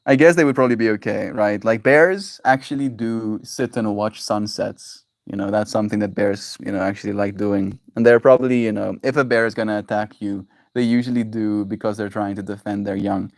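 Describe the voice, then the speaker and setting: A man's voice: lowish voice, fairly even intonation, a little fast, gravelly, hardly any pauses, dry recording. A man hosting his daily livestream, chatting affectionately with viewers in a rambling, playful way, giggling and tossing in silly made-up words. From Canada. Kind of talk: casual livestream chat with viewers.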